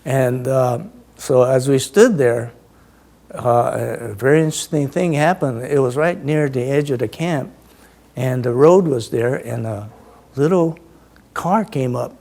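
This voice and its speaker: A man in his eighties recounting childhood memories in an interview, halting and full of fillers. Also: medium pitch, gravelly, darkish tone.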